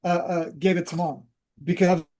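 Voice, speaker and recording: A man's voice: sits high, steady tone, normal speed, mellow. Rambling man telling a spiritual story. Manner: rambling, with many fillers and restarts. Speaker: host.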